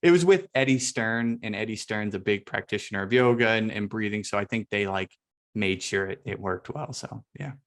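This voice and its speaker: A man's voice: on the low side, moderate pace. A man, a guest breathwork teacher, chatting casually on a video call, with lots of fillers and restarts. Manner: relaxed, filler-heavy, many restarts.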